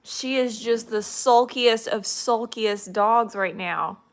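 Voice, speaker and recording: A woman with a fairly high voice speaks slowly while hosting a casual livestream from home. She chats with viewers and talks fondly to her dogs.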